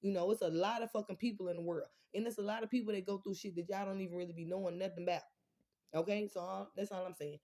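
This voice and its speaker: A woman's voice: mid-range voice, fairly even intonation, fast talker, dark tone. A woman chatting casually with her viewers from home, blunt and profane, rambling from one thought to the next as she speaks straight to them. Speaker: vlogger talking to viewers. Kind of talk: casual unscripted livestream chat.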